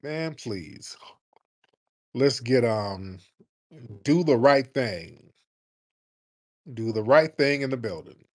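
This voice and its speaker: A man's voice: mid-range voice, slow pace, long pauses. A man hosting a call-in radio show, talking bluntly in a casual, mocking, slangy way. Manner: blunt, mocking, slangy and animated, mimics people in put-on voices.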